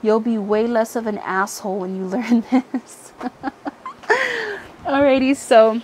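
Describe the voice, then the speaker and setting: A woman's voice: fairly high pitch, moderate pace, darkish tone. Blunt, swearing woman reading tarot. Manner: blunt, frequent swearing, many fillers. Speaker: tarot reader. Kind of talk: casual pick-a-card tarot reading. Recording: faint background noise, helicopter overhead at times.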